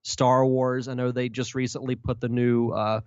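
A man's voice: mid-range voice, little pitch movement, moderate pace, darkish tone, clean tone, no room sound. A man co-hosting a retro gaming podcast, easygoing and full of "uh" fillers, also reading the sponsor spot. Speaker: podcast co-host. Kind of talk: casual podcast chat and host-read ad. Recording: dull lo-fi mic.

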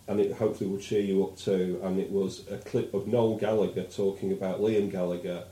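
A man's voice: low voice, flat delivery, a little fast, dark tone, echoey room, rough recording. A man with a posh English accent co-hosting a podcast, telling stories in a rambling, wry way. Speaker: podcast co-host. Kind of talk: casual chat.

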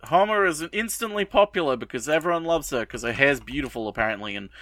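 A young man co-hosting a podcast, recapping an anime episode in a rambling, profane way and tossing in quick bits of mock dialogue. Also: on the high side, lively intonation, fairly bright tone, dry recording, studio quality. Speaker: podcast co-host.

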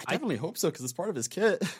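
A man's voice: high voice, very animated, racing, slightly rough. A man playing a paladin in a tabletop game, describing his character's actions with hesitant fillers. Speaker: player. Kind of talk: casual tabletop game chat.

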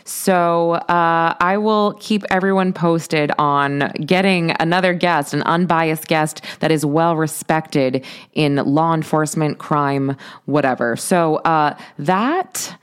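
A woman's voice: deep voice, slow pace, clean tone. A woman hosting a podcast, talking through news stories in a chatty, opinionated way with lots of asides. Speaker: podcast host. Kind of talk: casual solo commentary.

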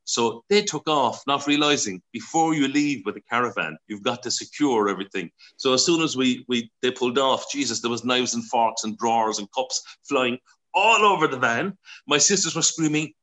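An Irish man in his sixties, a broadcaster telling stories as an interview guest, chatty and quick to laugh, acting out voices as he goes. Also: mid-range voice, expressive, sharp tone. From Ireland. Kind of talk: casual storytelling interview.

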